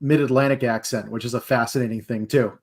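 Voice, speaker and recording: A man's voice: mid-range voice, steady tone, fast talker. Chatty, enthusiastic man hosting a stream. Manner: chatty, enthusiastic, nerdy asides. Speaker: stream host. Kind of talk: casual livestream chat.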